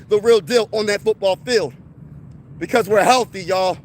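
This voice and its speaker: A man's voice: high voice, moderate pace, a little hiss or hum. A man in his thirties hosting a sports fan channel, talking outdoors to a phone camera in a hyped, repetitive way. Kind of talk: casual live-stream chat. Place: outdoors by trees.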